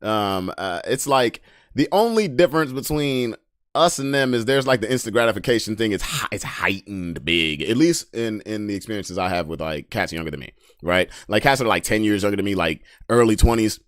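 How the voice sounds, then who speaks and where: Low-voiced man ranting on a podcast, dry mic. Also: expressive, brisk, dry recording. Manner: swings from low mutters to loud mocking rants; blunt and profane, with short laughs. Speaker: podcast host reading memes. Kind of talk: casual live-stream commentary.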